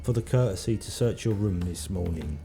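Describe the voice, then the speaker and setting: A man's voice: deep voice, lively intonation, a little fast, mellow, soft background music. Man reading a blunt police inspector. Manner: blunt, probing questions. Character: stern male police inspector questioning a suspect.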